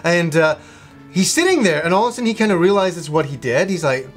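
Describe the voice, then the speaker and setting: A man in his thirties, co-hosting a casual chat, telling a story with animated, profane energy and frequent laughter. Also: fairly high pitch, fast talker, soft background music. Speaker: co-host.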